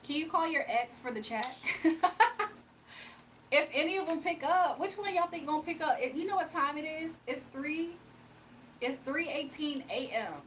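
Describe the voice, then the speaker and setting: A woman's voice: sits high, normal speed, a bit bright, a little hiss or hum, poor audio. A young woman hosting a casual livestream, chatting playfully with viewers, reading comments aloud and laughing often. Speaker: livestream host.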